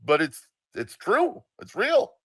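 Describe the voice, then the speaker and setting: A man's voice: huge pitch swings, slow, fairly bright tone, husky, no echo, clean studio sound, exaggerated voice. A man voicing his younger self as an earnest, pleading young boy. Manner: pleading, high-pitched.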